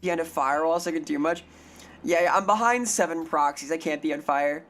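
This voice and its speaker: A woman's voice: low-pitched, fast talker, faint music behind. A woman streaming live in a casual, silly way, swearing freely, her throat strained from too little sleep.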